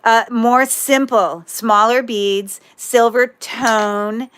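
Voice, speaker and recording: A woman's voice: on the high side, drawn-out words, fairly bright tone, clear, resonant tone. A woman hosting a livestream jewelry sale, chatting casually with viewers in a rambling way, breaking off mid-sentence and dropping corny puns.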